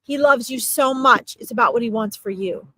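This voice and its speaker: A woman's voice: a little high, moderate pace, pushed and bright, no room sound, poor audio. A woman working as a psychic medium in a live-streamed reading, talking in a chatty, reassuring way and often checking in with her listener. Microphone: streaming mic.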